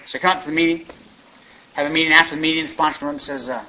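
A man's voice: a little high, steady tone, racing, pushed and bright. A man telling his story at a recovery meeting in a rambling, folksy way, often adding "man" and "you know". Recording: dull lo-fi recording with faint hiss.

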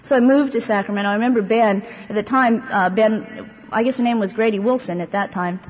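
A woman's voice: medium pitch, fairly quick. A woman speaking to a live audience at a recovery meeting, telling her own story in a rambling, conversational way with lots of fillers and wry humor. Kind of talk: personal testimony talk to a live audience. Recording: dull, echoey hall recording with faint hiss.

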